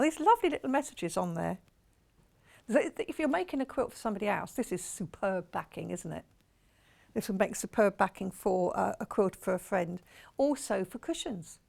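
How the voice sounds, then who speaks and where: A woman's voice: fairly high pitch, vocal fry. A woman with a Portsmouth accent presenting products live on a shopping channel in a television studio, chatty and rambling, gushing over what she shows. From England.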